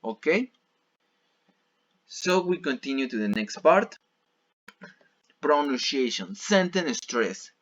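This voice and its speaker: Slow, patient male English teacher. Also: fairly high pitch, sing-song, a bit bright, highs cut off. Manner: repeats and rephrases each example patiently. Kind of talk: bilingual classroom explanation.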